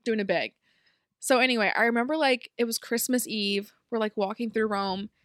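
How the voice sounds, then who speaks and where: A young woman co-hosting a podcast in casual chat, telling a rambling story that she breaks up with quick bursts of speech. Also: a little high, fairly bright tone, no room sound, clean studio sound. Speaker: podcast co-host.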